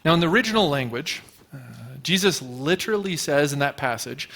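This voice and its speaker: A man's voice: fairly high pitch, lively intonation, a little fast, a bit bright. A man preaching a sermon to his congregation in a casual, storytelling way, asking rhetorical questions and using everyday fillers. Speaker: pastor. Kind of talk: conversational sermon. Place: church sanctuary before a congregation.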